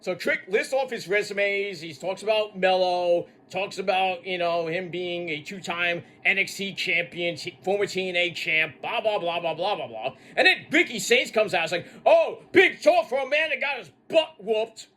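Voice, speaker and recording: A man's voice: sits high, moderate pace, few pauses, a little hiss or hum. A man hosting a wrestling review, ranting casually with lots of swearing and mockery. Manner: animated, swearing, mocking. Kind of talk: casual profane rant.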